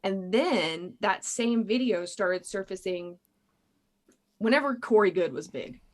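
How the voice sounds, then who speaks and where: A woman in her thirties hosts a loose conversation, telling stories in a chatty, meandering way. Her voice sits at a middle pitch and stays easygoing and conversational. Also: expressive, measured pace. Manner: chatty, filler-heavy storytelling. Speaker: podcast host. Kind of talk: casual chat.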